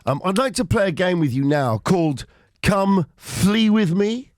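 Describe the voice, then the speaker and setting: A man's voice: sits high, lively intonation, dry recording, clean studio sound. A man hosting a radio interview, joking and bantering with his guest. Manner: jokey, bantering, quick asides. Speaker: radio host. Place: radio studio. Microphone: studio microphone.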